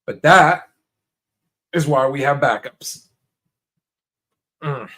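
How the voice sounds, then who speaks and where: A man's voice: on the high side, drawn-out words, a bit bright. A man hosting a casual livestream, talking straight to viewers in a laid-back, rambling way full of restarts and fillers. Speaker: livestream host.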